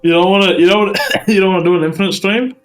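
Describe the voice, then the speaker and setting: A man's voice: high-pitched, fairly even intonation, racing, soft background music. A man bantering and teasing his friends on a casual stream. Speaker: co-player on stream.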